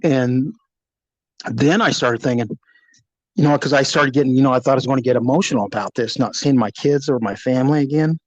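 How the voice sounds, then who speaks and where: A man's voice: medium pitch, fast, no echo, highs cut off. A man in his forties, a former police officer, bluntly recounting being shot in a casual interview, with salty language. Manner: blunt and profane, candid.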